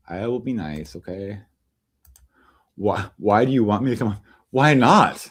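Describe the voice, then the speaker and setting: A man's voice: lowish voice, lively intonation, unhurried, long pauses, slightly rough. A man hosting a casual livestream from home, chatting in a meandering way with lots of fillers and restarts. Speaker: livestream host. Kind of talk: rambling casual livestream chat.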